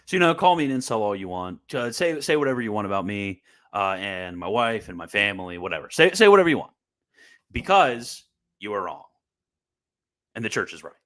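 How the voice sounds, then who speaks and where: A man's voice: on the low side, animated, a little fast, a bit bright. A young man giving casual, combative commentary on church teaching, sarcastic and full of restarts. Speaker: Catholic commentator.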